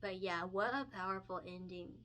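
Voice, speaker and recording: Bright-voiced, emotional woman vlogger. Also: lowish voice, normal speed. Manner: emotional, gushing, laughs often, filler-heavy. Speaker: picture book illustrator and vlogger. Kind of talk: casual chat while coloring.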